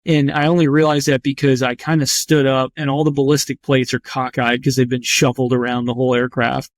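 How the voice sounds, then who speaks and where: A man's voice: mid-range voice, little pitch movement, a little fast, dry recording. A man who is a trauma surgeon, telling a story in a candid, rambling and profane way, full of "like" fillers. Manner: vivid, tense recounting. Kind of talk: candid first-person storytelling.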